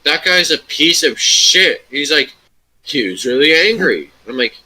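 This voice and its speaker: A young man with a very bright, sharp-edged voice tells a rambling story in a casual podcast chat. He swears freely and keeps circling back on himself. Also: a little high, animated, measured pace, rough recording. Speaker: podcast guest.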